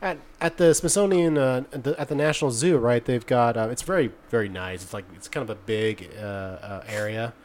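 A man's voice: mid-range voice, brisk, hardly any pauses, darkish tone. A man in his thirties co-hosting a podcast, telling a long story in casual chat with lots of restarts. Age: 30s. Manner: rambling storyteller, many restarts. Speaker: podcast co-host.

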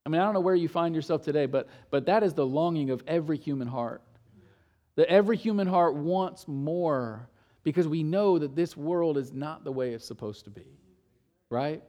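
A man preaching a sermon in a conversational storytelling way, asking the congregation rhetorical questions and moving between hushed and emphatic delivery. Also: on the high side, normal speed. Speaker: pastor.

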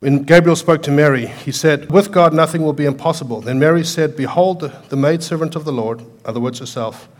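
A man preaching a sermon, swinging from loud, emphatic lines to quiet storytelling, with an accent that sounds foreign to American ears. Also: a little high, fairly quick, few pauses. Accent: foreign to American listeners. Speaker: pastor.

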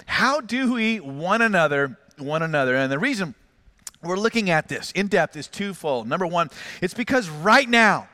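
A man's voice: high-pitched, very animated, normal speed, pushed and bright. A middle-aged man preaching a sermon as pastor, telling stories with acted quotes and self-mocking humor.

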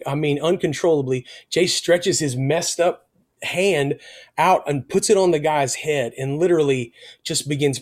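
Being interviewed, a middle-aged man who plays worship music recounts a personal story in a slightly high voice. His tone is earnest and moved, growing gentle whenever faith comes up.

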